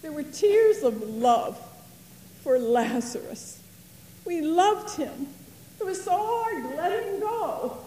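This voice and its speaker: A woman's voice: extremely high pitch, lively intonation, slow, dark tone, exaggerated voice. A woman playing a grieving biblical sister in a first-person dramatic monologue, earnest and emotional. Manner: earnest and emotional, dwelling on words. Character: grieving woman, sister of Lazarus, fond of tidiness. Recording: roomy hall reverb, faint ambience.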